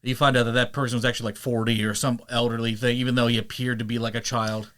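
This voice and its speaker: Chatting casually as a podcast host, this audiobook narrator keeps things animated at a medium pitch. He's quick to drop into playful voices along the way.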